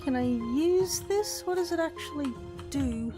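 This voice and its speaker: A woman's voice: sits high, lively intonation, unhurried, music in the background. An Australian woman giving casual let's-play commentary, chatting and thinking aloud to herself as she plays. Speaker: gaming YouTuber.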